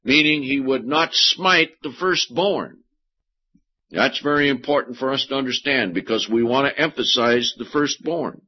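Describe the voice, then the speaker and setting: A man preaching a sermon and reading scripture aloud, slowing down deliberately to stress key words. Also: mid-range voice, slightly rough. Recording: dull lo-fi sermon recording.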